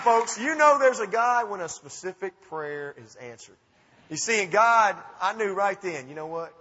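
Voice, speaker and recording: Southern storyteller, Alabama accent, high husky voice, dull hall sound, folksy and animated. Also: male voice, normal speed, a faint crowd. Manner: folksy, animated, self-mocking. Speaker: speaker. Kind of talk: storytelling talk to an audience. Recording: dull recording with long hall reverb.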